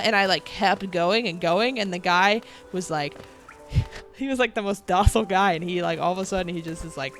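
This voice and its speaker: A woman in her thirties chats loosely with her viewers during a game stream, reading their comments aloud and laughing through her stories. Her pitch sits in a middle range, and soft game music plays faintly behind her. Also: lively intonation, moderate pace. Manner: chatty and laughing, reads viewer comments aloud and answers them. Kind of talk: casual live-stream chat.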